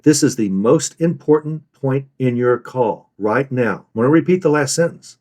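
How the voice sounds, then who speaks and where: A man's voice: mid-range voice, animated, normal speed, few pauses, a little mellow. Earnest man repeating his key points. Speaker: online reseller teaching sellers. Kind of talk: instructional talk.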